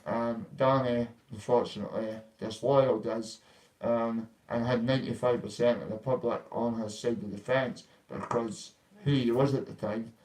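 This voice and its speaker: Vlogger, young man, blunt and confrontational, swears freely, mid pitch. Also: fairly even intonation, moderate pace, a little mellow, poor audio. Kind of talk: casual ranting vlog.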